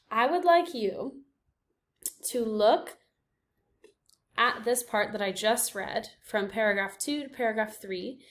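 A woman teacher giving a recorded reading lesson, explaining patiently and often checking in with her students. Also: on the high side. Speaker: elementary school teacher.

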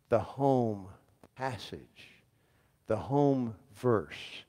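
A man's voice: lowish voice, slow pace, darkish tone. A man, a pastor preaching a sermon in a church, calling on the congregation to answer and repeat verses after him. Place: church sanctuary. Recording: long hall reverb.

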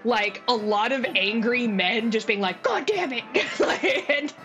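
A woman's voice: a little high, measured pace, a bit bright, dull audio. A woman narrating as dungeon master, chatty and giggly, with lots of fillers. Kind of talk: narrating a tabletop game. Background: background music.

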